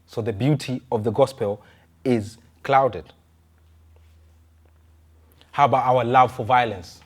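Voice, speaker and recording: A man preaching a sermon in a conversational way, firing rhetorical questions at his listeners. He often stumbles and restarts his words as he goes. His voice sits at an ordinary middle pitch. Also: steady tone, takes it slowly. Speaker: pastor.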